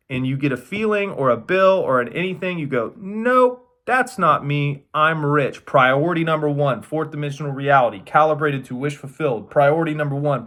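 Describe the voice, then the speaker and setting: Male coach, mid-pitch, bright forward tone; emphatic, repetitive casual lecture with the odd curse. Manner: emphatic, repeats phrases, says "right?" often; swears casually. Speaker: metaphysics coach.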